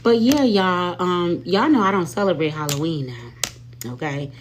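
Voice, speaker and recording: A woman with a lowish voice talks casually to her livestream viewers. She is chatty and sassy, and keeps calling them y'all and honey. A faint hum runs under the recording. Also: unhurried. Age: adult with children. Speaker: livestream host. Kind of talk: casual live-stream chat.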